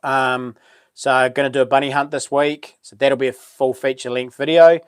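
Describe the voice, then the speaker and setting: A man's voice: mid-range voice, fairly even intonation, normal speed, smooth, dry recording, clean studio sound. A man with a New Zealand accent hosting a casual live stream, chatting in a laid-back, rambling way with plenty of ums.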